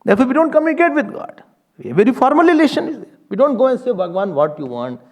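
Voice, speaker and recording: A man telling a devotional story as a spiritual teacher, animated and acting out his characters' lines. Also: extremely high pitch, rapid-fire.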